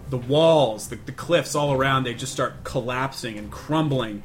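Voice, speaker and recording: A man's voice: medium pitch, a little slow, few pauses, soft background music. Stammering man narrating his character. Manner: stammering, many restarts. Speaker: player.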